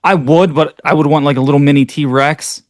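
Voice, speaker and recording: A man's voice: a little high, fairly even intonation, no echo. A man cohosting a podcast in casual chat, playful and joking, tossing out wild ideas. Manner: joking, playful, quick to laugh.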